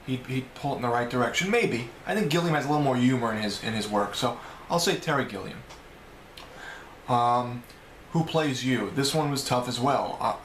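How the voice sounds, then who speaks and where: In a casual vlog recorded in a room at home, a New York–accented man works his way through a list of questions, chatty and rambling and frequently correcting himself. His middle-pitched voice has a fairly bright tone, and the echoing space carries a faint ambient hum.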